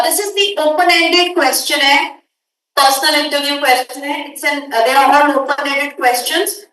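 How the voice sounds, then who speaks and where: A high-pitched woman leads a workshop in a brisk, directive way and keeps pressing her students to move quickly. Her voice is picked up from a distance and rings through a very echoey room. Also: a bit bright, a little hiss or hum. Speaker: workshop instructor. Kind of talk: classroom lecture. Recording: echoey room audio from far off.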